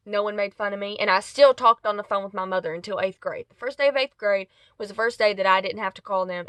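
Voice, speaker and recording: Bright-voiced woman telling a rambling story. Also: mid-range voice, no room sound. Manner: rambling, self-correcting. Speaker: vlogger. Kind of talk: casual storytime vlog.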